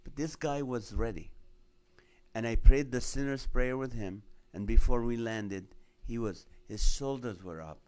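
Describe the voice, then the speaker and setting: A man's voice: mid-range voice, unhurried. A middle-aged man, a comedian hosting his own show, telling a personal story with a faith message and acting out the voices of the people in it. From Middle Eastern background. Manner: animated storyteller acting out dialogue.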